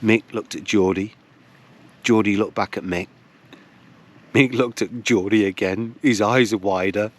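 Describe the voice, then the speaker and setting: Older man, very low voice, wry dramatic storyteller, casual anecdote. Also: fairly even intonation, unhurried, long pauses.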